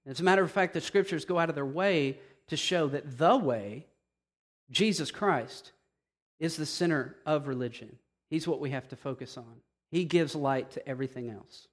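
High-pitched male preacher, casual and punchy sermon delivery. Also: moderate pace. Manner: emphatic, conversational, swings between quiet and loud.

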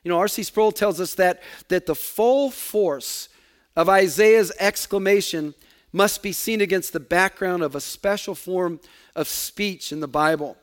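A man preaching with a high-pitched voice. He repeats key words for emphasis and lets his voice sink low at the ends of phrases. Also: measured pace. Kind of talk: sermon.

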